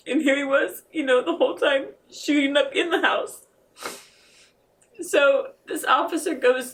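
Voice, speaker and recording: A woman guest telling a painful personal story in a podcast interview, halting and earnest, often restarting her sentences. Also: high voice, a bit bright, recorded from a distance. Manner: earnest and emotional.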